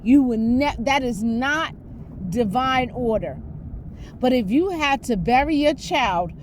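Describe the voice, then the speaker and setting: A woman's voice: high-pitched, lively intonation, a little slow, slight background noise. Emphatic New woman rambling on. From New York. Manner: emphatic and rambling, with repeated rhetorical questions. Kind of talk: casual spoken monologue.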